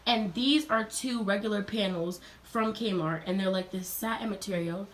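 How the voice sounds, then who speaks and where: A woman's voice: mid-range voice, moderate pace. Chatty young woman giving a dorm tour. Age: young adult. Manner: chatty, upbeat, speaks straight to viewers. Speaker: college student vlogger. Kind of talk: casual dorm tour vlog. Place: college dorm room.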